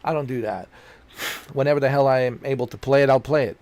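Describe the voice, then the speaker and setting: A streamer chatting casually, ranting in a rambling, blunt and profane way and repeating himself. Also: male voice, mid-range voice, fast talker, a little mellow, no room sound.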